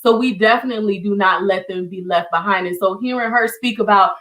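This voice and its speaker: A woman's voice: medium pitch, a little fast, fairly bright tone, rough recording. A woman hosting an online community show, speaking with heartfelt emotion and often repeating her words. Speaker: host. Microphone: video call.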